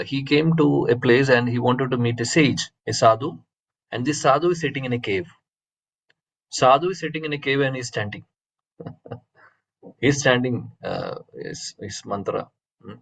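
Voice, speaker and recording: A man teaches a religious class and tells its story in a halting way, with fillers and restarts. His middle-pitched voice is gravelly and husky, and he never sounds polished. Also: poor audio. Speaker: spiritual teacher.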